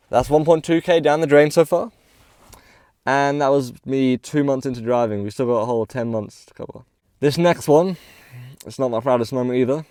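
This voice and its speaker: A man's voice: medium pitch, darkish tone, no room sound, studio quality. Slangy young man telling a story. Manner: slangy, swears often, acts out quoted dialogue. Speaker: vlogger. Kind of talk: casual storytime.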